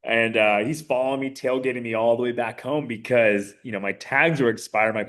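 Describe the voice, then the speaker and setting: A man in his thirties, a podcast guest, telling his story in a casual, animated way with many fillers. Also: medium pitch, brisk, few pauses. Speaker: podcast guest, mayoral candidate.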